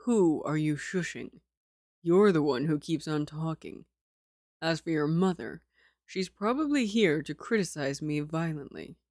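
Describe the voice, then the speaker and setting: A woman's voice: low voice, lively intonation, unhurried, a little mellow, dry recording, clean studio sound. A woman voicing a young male doctor who speaks in a cool, sardonic way. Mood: scornful.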